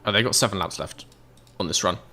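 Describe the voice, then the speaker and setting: A man's voice: on the low side, quick pace, sharp tone, soft background music. A British man streaming a game, chatting casually with viewers, laughing often. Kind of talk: casual livestream chat.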